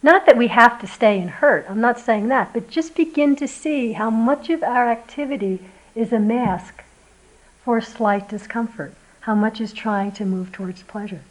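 Woman giving a gentle dharma talk. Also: on the high side, moderate pace, low-quality recording. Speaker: meditation teacher.

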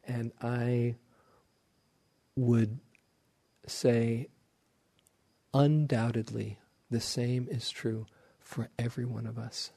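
Speaking at a medium pitch with little movement in it, a middle-aged man who teaches meditation delivers a dharma talk. His storytelling is slow and gentle, broken by soft laughter.

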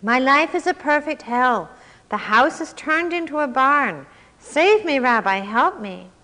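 A desperate poor man pleads in anguished bursts, as a woman reads his part aloud. The voice sits a little high with a forceful, bright tone. A long reverb trails each phrase, as in a big hall. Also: animated, a little slow. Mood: pleading.

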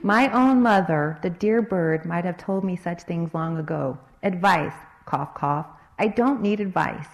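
A woman's voice: medium pitch, moderate pace, few pauses, dark tone, close to an everyday voice. A woman doing a brave little coughing parrot. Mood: defiant. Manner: coughing, defiant. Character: brave, tiny, stubborn female parrot.

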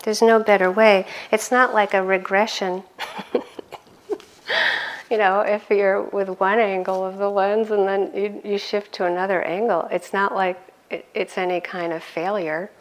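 A middle-aged woman giving a conversational dharma talk as a meditation teacher, laughing often and growing animated in her stories. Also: medium pitch, measured pace.

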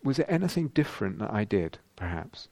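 A man with a British accent giving a dharma talk as a meditation teacher, gentle and reflective, pausing often and restarting phrases. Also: fairly low pitch, very animated, vocal fry, no room sound. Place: retreat meditation hall.

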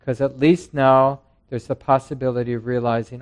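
A male meditation teacher gives a dharma talk to a group at a meditation center, speaking at a normal pace in a medium-pitched, level voice. He's conversational and reflective and acts out quotes, speaking into a handheld mic that gets passed around.

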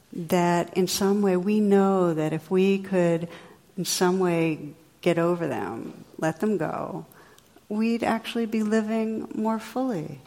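Woman meditation teacher; low, gentle, unhurried delivery with soft reflective pauses, recorded with a long hall tail. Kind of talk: dharma talk and guided reflection.

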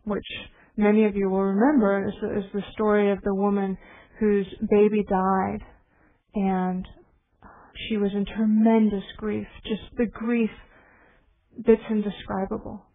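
A woman meditation teacher giving a dharma talk, telling stories in a gentle, reflective way. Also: mid-range voice, level tone, a little slow. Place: meditation hall. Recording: tinny phone-like recording with faint hiss.

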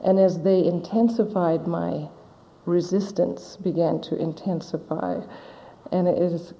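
Meditation teacher, woman, middle-aged; slow, soft-spoken storyteller, recorded in a reverberant hall. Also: lowish voice, fairly even intonation, gravelly. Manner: slow, gentle, reflective storytelling. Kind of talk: dharma talk. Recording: dull audio in a large hall with long reverb.

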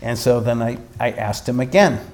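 A man, a meditation teacher, telling a story in a dharma talk with animated delivery and frequent restarts. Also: mid-range voice, moderate pace.

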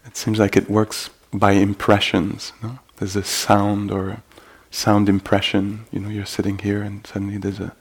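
This dharma talk comes from a man teaching meditation, his voice low, gravelly, and steady in tone. He speaks haltingly, pausing on fillers and drifting into soft asides. The setting is a retreat hall.

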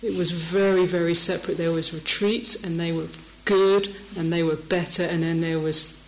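A woman's voice: fairly low pitch, fairly even intonation, moderate pace, slight background noise. Laughing woman telling a story. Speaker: meditation teacher. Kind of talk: dharma talk. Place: meditation hall. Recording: echoey meditation hall.

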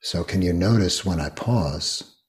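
An older man guiding a meditation talk, speaking slowly and gently with many long pauses. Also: low-pitched. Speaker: meditation teacher. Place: retreat hall.

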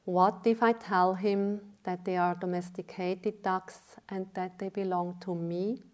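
Slow, deliberate woman meditation teacher. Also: on the low side, level tone. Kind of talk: dharma talk, storytelling.

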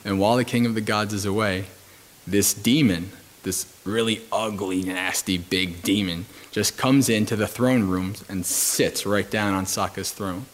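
A monk giving a Dhamma talk at a retreat, telling stories calmly with frequent fillers and restarts. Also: male voice, fairly low pitch, measured pace.

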